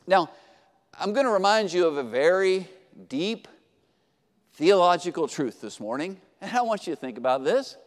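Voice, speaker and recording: A male pastor delivers a sermon with a high, lifted voice. He swells to loud emphatic peaks, then drops to soft, low passages. Long reverb hangs on every word, as in a large hall. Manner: emphatic preaching that rises and falls in volume.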